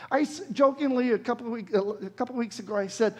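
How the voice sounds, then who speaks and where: Earnest older male preacher, high voice. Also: fast, a little mellow. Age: 60s. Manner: earnest preaching, voice rising and falling sharply when quoting scripture. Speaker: pastor. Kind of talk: sermon.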